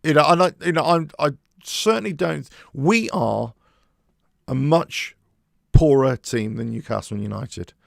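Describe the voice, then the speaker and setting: Gravelly man ranting. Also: a little high, measured pace, no room sound, studio quality. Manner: animated, rambling with restarts. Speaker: football fan channel host. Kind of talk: casual monologue.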